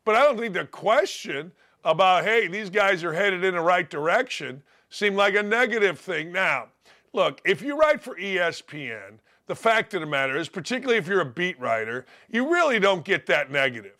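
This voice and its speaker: An older man hosting a sports radio show, ranting bluntly and mockingly, his voice gravelly from days of yelling. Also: sits high, sing-song, moderate pace. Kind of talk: opinionated sports radio rant.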